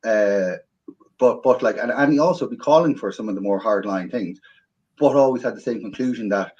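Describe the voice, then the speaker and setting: A man hosting a talk show, speaking haltingly with many repeated words and "um"s. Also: on the low side, darkish tone. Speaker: host. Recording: dull lo-fi audio.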